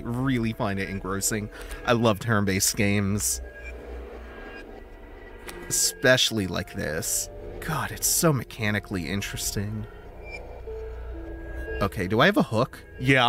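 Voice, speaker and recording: A man streaming a video game, thinking out loud in casual commentary, swearing and laughing easily. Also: on the low side. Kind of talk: casual let's-play commentary.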